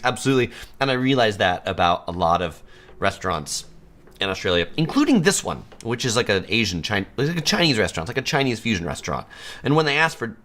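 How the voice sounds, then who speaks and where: A man's voice: fairly low pitch, a bit bright. A man from San Diego hosting a live stream, chatting easily and laughing often as he reads viewer comments. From United States (San Diego).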